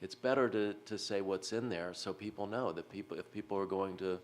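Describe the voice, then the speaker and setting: Deep-voiced rambling council member, a man. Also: steady tone, a little fast. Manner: rambling, tentative with fillers. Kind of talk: public meeting discussion.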